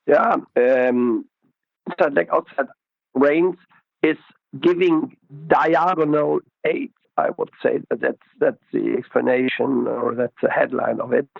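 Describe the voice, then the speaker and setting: Gravelly man explaining riding, methodically. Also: mid-range voice, no room sound, narrow, tinny audio. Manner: slow, methodical, repeats key words. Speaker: riding expert guest. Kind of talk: interview explanation.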